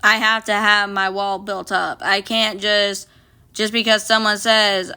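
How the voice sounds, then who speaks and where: Young woman on a phone live, bright clear voice, blunt and sweary, talking back to her chat. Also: medium pitch, fairly even intonation, measured pace. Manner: blunt, profane, reads viewer comments aloud and talks back. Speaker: livestreamer. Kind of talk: casual livestream chat.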